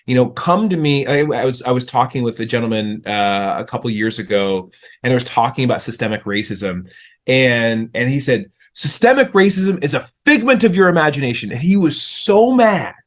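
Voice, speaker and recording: A man guesting on a podcast, telling animated stories in a relaxed conversation, often restarting his sentences. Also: medium pitch. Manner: animated storyteller, frequent restarts. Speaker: podcast guest, author and speaker. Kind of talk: casual interview conversation.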